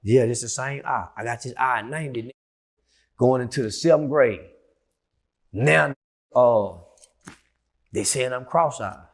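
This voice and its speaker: A middle-aged man telling a story as an interview guest, profane and heated, dropping to low mutters and then shouting. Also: measured pace, pauses often.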